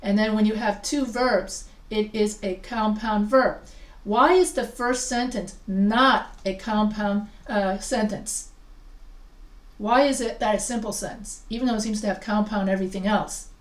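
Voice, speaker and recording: A woman's voice: medium pitch, steady tone, unhurried. A woman teaching a writing class, chatty and full of questions to her students, often restarting her sentences. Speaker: writing instructor. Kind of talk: live class lesson. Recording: echoey room, voice from far off.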